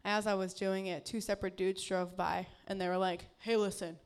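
A woman's voice: medium pitch, level tone, a little fast, smooth. A woman doing a stand-up comedy set on a club stage, often laughing at her own jokes.

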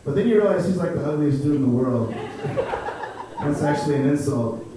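On a comedy club stage, a young stand-up comedian from Chicago tells stories in a laid-back way and laughs at his own jokes. His fairly high voice is very animated at normal speed, caught in a roomy, distant club recording with a noisy background.

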